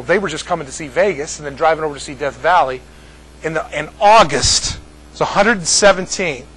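A husky, fairly high-pitched older man from the United States tells a long, rambling story to a group. He often repeats himself and laughs along with his own jokes, in a loose, casual way. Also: a bit bright, low-quality recording. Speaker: speaker addressing a group.

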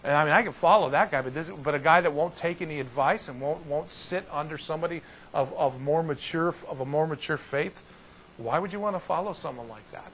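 A male pastor leads an informal Bible study, telling the story in a folksy, lively way and often restarting his sentences. His voice sits fairly high for a man. A faint hiss runs under the recording. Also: a little fast, poor audio.

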